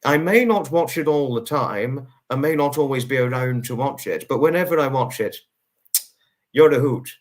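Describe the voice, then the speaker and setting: A man's voice: medium pitch, lively intonation, normal speed. Effusive man greeting livestream viewers. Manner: effusive, repeats thanks and greetings, stretches out names. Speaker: livestream host. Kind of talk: live stream chat, greeting viewers.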